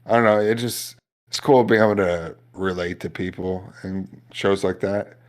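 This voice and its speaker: A man's voice: low-pitched, steady tone, moderate pace. A young man co-hosting a podcast, talking in a loose rambling way and filling his speech with "like". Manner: rambling, full of "like" fillers. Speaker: podcast co-host. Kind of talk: casual chat.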